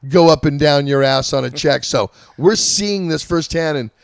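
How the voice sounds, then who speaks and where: A man in his fifties hosting a casual chat, telling old touring stories in an animated, profane way. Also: fairly high pitch, moderate pace, vocal fry, no echo, clean studio sound. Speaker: host.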